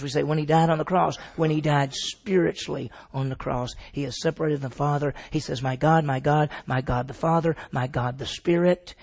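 A man's voice: on the high side, creaky, a little mellow, husky. A man teaching the Bible to a group, asking his listeners questions and answering them himself.

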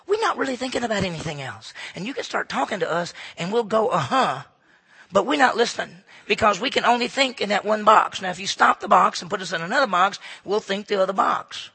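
A man's voice: high-pitched, creaky, sharp tone, husky. A man giving a humorous, folksy talk to a live audience, often asking the crowd questions. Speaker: speaker addressing an audience.

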